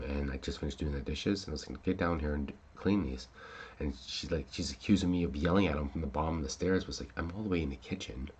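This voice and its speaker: A man's voice: very deep voice, darkish tone, breathy edge. A man hosting a casual talk show, rambling with many fillers and restarts and swearing when upset. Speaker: podcast host.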